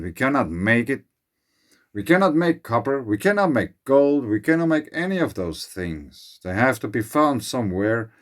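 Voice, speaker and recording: A lowish-voiced man with a Finnish accent hosts his channel, musing slowly through a speculative monologue. His English phrasing is somewhat uneven.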